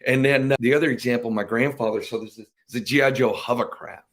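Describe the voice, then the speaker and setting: A man who is a guest on a podcast, a veteran and business owner, telling lively stories with many fillers. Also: medium pitch, fast. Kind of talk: casual interview storytelling.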